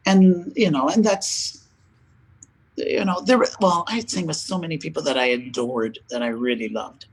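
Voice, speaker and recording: An older man, a guest opera singer, chatting in an interview and telling lively stories in which he acts out the lines of other people and laughs often. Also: on the high side, moderate pace, slightly rough, low-quality recording. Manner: animated storyteller, acts out quoted dialogue, laughs often. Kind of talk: casual interview chat.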